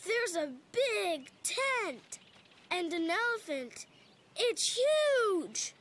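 A woman voicing a chatty, excited small boy in a high childlike voice. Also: drawn-out words, slight background noise, full character voice.

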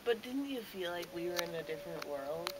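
A woman's voice: fairly low pitch, expressive, brisk, noisy background, natural voice. A woman playing an eager male hunting buddy in an improvised comedy sketch, chiming in earnestly alongside his friend.

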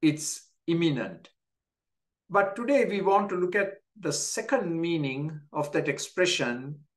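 Slow, deliberate male pastor. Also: fairly high pitch, expressive. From Canada. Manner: slow, deliberate, repeats key phrases for emphasis. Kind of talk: daily devotional sermon.

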